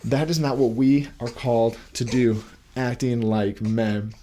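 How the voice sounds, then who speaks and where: A man's voice: medium pitch, fairly even intonation, measured pace, warm tone, slight background noise. Earnest man, baby fussing behind. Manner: earnest, preachy, asks many questions. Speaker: Christian podcast host. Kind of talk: casual devotional talk. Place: indoors at home, holding baby.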